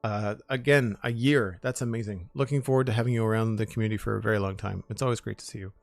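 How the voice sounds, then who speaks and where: A man's voice: lowish voice, fairly even intonation, fast talker, vocal fry. A man chatting casually on a live stream as he builds Lego, friendly and talkative, stopping often to thank his supporters by name.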